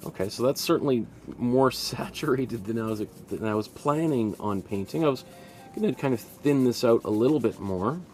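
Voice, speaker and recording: A middle-aged man giving a relaxed painting lesson, thinking aloud as he works, rambling with restarts and soft laughs. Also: mid-range voice, normal speed, soft background music. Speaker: art teacher.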